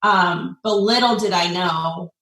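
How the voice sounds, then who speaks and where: A woman's voice: fairly low pitch, fairly bright tone. 40s american woman telling her story, heartfelt, lots of ums, echoey room, mic kinda far. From United States. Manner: heartfelt, with frequent pauses and fillers. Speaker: guest. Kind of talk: earnest personal storytelling.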